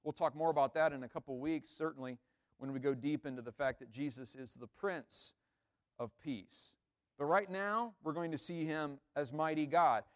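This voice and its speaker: A pastor with a slightly high voice preaches at a moderate pace in a conversational way, often checking in with "right?" He acts out the disciples' quoted lines with rising emphasis.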